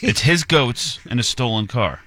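A man co-hosting a radio morning show, tossing in quick quips and questions. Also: mid-range voice, lively intonation, a bit bright. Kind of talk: casual on-air banter.

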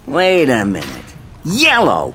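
A man's voice: medium pitch, slow pace, soft background music, heavily acted. A man voicing a nervous, worried male candy mascot in a cartoon ad. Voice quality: animated cartoonish delivery. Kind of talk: cartoon ad acting.

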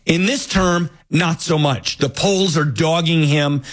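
A man's voice: fairly high pitch, takes it slowly, fairly bright tone. A man hosting talk radio, opinionated and thinking aloud with frequent restarts. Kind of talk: casual talk radio monologue.

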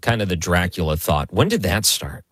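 A man's voice: deep voice, sing-song, normal speed, fairly bright tone, breathy edge, no echo. A man hosting an interview, curious, asking follow-up questions. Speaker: interview host.

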